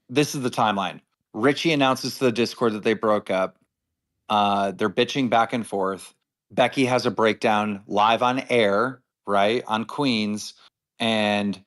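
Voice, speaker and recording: A man's voice: mid-range voice, a bit bright. A man hosting a heated casual debate, explaining a timeline in rambling, profane bursts. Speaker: show host.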